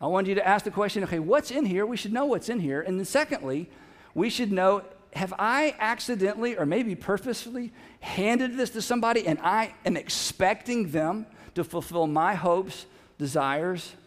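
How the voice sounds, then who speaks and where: High-voiced pastor preaching in a hall. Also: male voice, expressive, normal speed. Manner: conversational, joking with the congregation. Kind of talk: sermon. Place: church sanctuary. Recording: long hall reverb.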